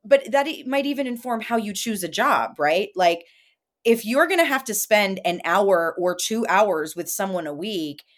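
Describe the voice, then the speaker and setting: A woman's voice: mid-range voice, animated, moderate pace. A woman hosting a casual podcast chat, speaking earnestly and encouragingly to listeners. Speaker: podcast host.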